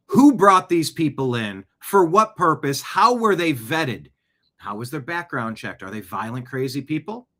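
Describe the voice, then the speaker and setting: A man's voice: mid-range voice, sing-song, normal speed, fairly bright tone. A man hosting his own show, giving opinionated news commentary full of indignant rhetorical questions. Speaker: show host.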